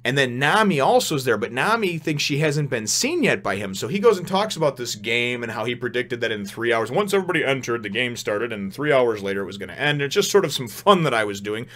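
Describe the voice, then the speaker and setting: A man reviewing a comic chapter in a loose, candid way, circling back over his own words as he goes. His voice sits at an ordinary middle pitch and he talks like he's chatting with friends. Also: big pitch swings, fairly quick, hardly any pauses, fairly bright tone. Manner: rambling, candid, many fillers and restarts. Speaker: manga reviewer.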